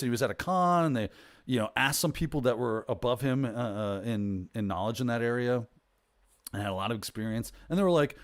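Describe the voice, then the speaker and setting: A man's voice: medium pitch, a little fast. A man hosting a casual livestream chat, talking in a chatty, rambling way and often correcting himself mid-sentence. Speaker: host.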